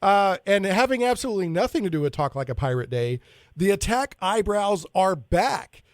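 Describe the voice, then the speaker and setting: On a casual geek talk radio show, a male host with a high, sing-song voice jokes around, trading puns and laughing at his own gags. The sound is clean studio quality with no echo.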